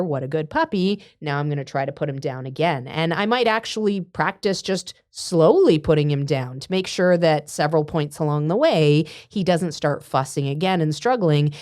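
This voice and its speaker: Low-voiced woman explaining dog training. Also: no room sound, studio quality. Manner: explanatory, relaxed, with fillers. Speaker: podcast co-host, dog trainer. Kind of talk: casual conversational podcast.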